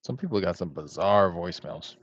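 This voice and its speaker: A man with a low, expressive voice speaks fairly quickly while making lunch at home and placing casual real estate cold calls. His manner is laid-back and conversational, packed with fillers, across livestream chat and phone calls. The recording is dry and slightly dull.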